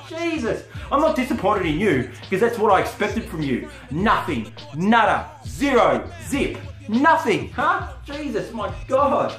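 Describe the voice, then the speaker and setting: A man snarling a crude, taunting wrestling promo. He stutters now and then, and his pitch swings widely as he mocks. The room sounds echoey, with faint music underneath. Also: very animated, takes it slowly, few pauses, fairly bright tone. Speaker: wrestling character cutting a promo. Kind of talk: trash-talk promo. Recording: roomy with faint music behind.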